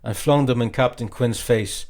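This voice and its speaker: A man reading a classic novel aloud as an expressive, theatrical audiobook narrator. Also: medium pitch, moderate pace. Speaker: audiobook reader.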